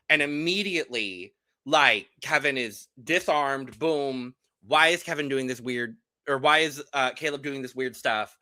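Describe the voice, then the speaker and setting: A man's voice: medium pitch, measured pace. A young man co-hosting a podcast, chatting casually and playfully as he recaps a reality show. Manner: animated, playful, gossipy. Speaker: podcast co-host.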